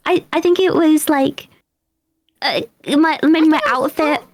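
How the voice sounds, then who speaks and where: A woman's voice: high-pitched, unhurried, no echo. A British woman hosting a casual chat, rambling and laughing often. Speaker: host.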